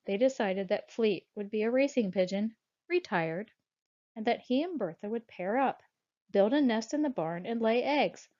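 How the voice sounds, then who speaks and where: In a dull, lo-fi audiobook recording, a woman with a mid-range voice narrates a children's storybook. She reads in a measured, expressive way.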